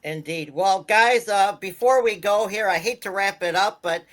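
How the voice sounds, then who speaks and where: A man's voice: high-pitched, normal speed, a bit bright. A man from the Buffalo area hosting a wrestling talk show, reading out announcements in a rambling way with many fillers. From Buffalo area, New York. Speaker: host.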